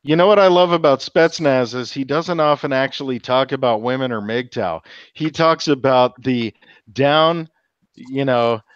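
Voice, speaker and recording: Man, livestream host, crude joking storyteller, smooth resonant voice, dry sound. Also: medium pitch, no room sound, highs cut off. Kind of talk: casual chat on a livestream.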